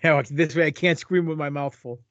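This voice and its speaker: A man's voice: on the high side, steady tone, fairly quick, fairly bright tone, no echo, muffled recording. A man co-hosting a podcast, joking and teasing, with a boastful wrestling-promo delivery. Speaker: podcast co-host. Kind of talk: casual banter.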